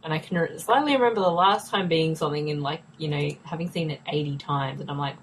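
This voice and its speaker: Low-voiced chatty woman podcaster. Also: fast, few pauses, a little hiss or hum, low-quality recording. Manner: chatty, laughs often, many fillers. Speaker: podcast co-host. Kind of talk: casual chat.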